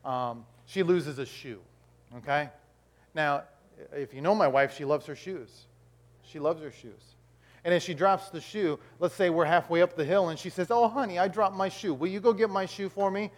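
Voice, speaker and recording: A high-pitched middle-aged man preaches a sermon to his congregation. He tells homely stories and acts out the voices in them. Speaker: pastor.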